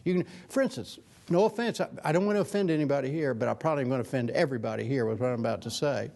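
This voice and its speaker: Older male guest speaker, gravelly, chatty and discursive with animated asides. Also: mid-range voice, very fast. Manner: conversational, many restarts and fillers, animated quotes. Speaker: guest author, former news anchor. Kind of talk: lecture Q&A talk.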